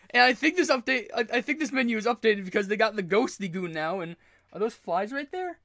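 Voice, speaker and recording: Excitable high-voiced young man narrating gameplay. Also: brisk, no echo, clean studio sound. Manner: gushing, excitable, stumbling over words. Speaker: gaming channel host. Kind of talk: excited let's play commentary. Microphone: earphones with mic.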